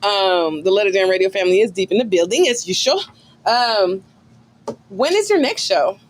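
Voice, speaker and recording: A woman's voice: mid-range voice, animated, moderate pace, a little hiss or hum. A woman hosting a casual radio interview, teasing her guest and laughing along. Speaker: radio show host. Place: radio studio.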